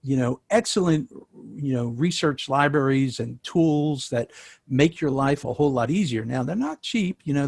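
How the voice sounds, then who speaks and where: A man with a New York accent talks through his answers in a relaxed, conversational way, full of fillers and restarts. His mid-pitched voice has a slightly husky edge. The sound is dry and close, with no room around it. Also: no room sound. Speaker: sales tax consultant. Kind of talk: interview answers.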